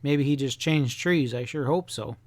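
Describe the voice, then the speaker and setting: A man's voice: mid-range voice, moderate pace, dry recording, natural voice. A man voicing an earnest young farm boy who sounds anxious, in an audiobook. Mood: worried.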